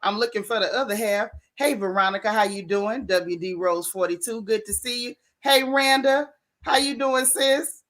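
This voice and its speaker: A woman hosting a casual livestream, greeting viewers by name in a playful, animated way. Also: medium pitch, normal speed. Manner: playful, animated, Southern-leaning slang. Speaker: livestream host. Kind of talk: casual live chat.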